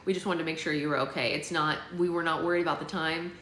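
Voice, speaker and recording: A woman's voice: sits low, fairly even intonation, fast talker, a bit bright. Chatty woman hosting a livestream book club. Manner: chatty, many fillers, answers viewers by name. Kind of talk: casual livestream chat. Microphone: phone livestream. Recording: roomy with faint background noise.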